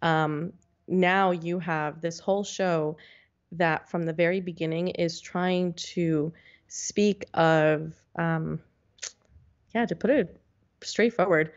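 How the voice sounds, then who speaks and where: A woman co-hosting a podcast in casual chat, reacting quickly and animatedly. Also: lowish voice, fairly even intonation, muffled recording. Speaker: podcast co-host.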